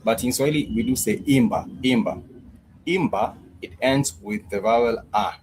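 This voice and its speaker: A man teaching a Swahili lesson online, patiently repeating words and drilling them slowly, with plenty of fillers and restarts. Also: medium pitch, darkish tone, slight background noise, rough recording.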